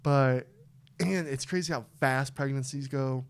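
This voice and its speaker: A young man talking casually on a podcast, his voice smooth and resonant. He rambles with restarts and flares into loud, excited bursts, then drops to low, muttered asides. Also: a little slow. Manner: excitable, swings from low mumble to loud outbursts. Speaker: podcast co-host. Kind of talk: casual chat.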